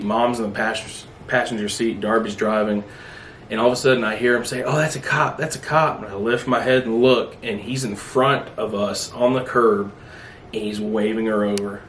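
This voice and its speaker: A man's voice: on the low side, slight background noise. A man hosting a podcast in casual chat, telling stories with animation and acting out other people's lines. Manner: animated storyteller who acts out family members' lines. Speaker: podcast host. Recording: echoey room.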